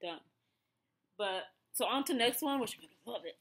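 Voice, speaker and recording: A woman in her thirties with an Ethiopian accent, a vlogger, chats casually through a snack review with many fillers and restarts. Her voice is on the high side and fairly bright, with lively intonation at normal speed, over slight background noise.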